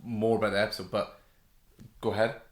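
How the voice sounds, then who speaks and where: A man co-hosting a podcast, casually chatting about TV with quick replies and self-mocking remarks. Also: lowish voice, little pitch movement. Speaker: podcast co-host. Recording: roomy echo.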